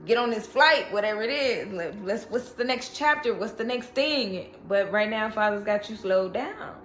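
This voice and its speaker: A woman's voice: medium pitch, roomy sound. Chatty woman reading tarot cards. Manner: chatty, reassuring, with frequent "okay?". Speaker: tarot reader.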